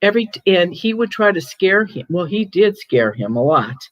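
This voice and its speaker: An older woman hosting a casual chat, telling stories in a chatty, animated way with frequent restarts. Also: on the low side, normal speed, no echo, dull audio. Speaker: host, ghost medium.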